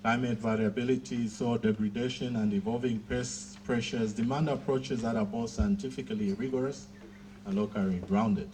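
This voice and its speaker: A man giving a formal graduation speech, measured and pausing often with fillers. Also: medium pitch, fairly even intonation, background noise. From Southern Africa.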